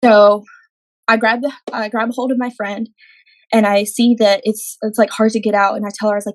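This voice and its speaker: A woman's voice: a little high, little pitch movement, fairly quick, no echo, poor audio. A young adult woman, a podcast guest, telling a personal faith testimony in an earnest way, acting out her own quoted words.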